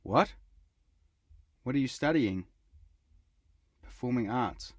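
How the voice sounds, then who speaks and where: A man's voice: medium pitch, lively intonation, takes it slowly, slightly rough, dry recording. Young female arts student, blunt and indignant, read plainly by a man, dry close mic.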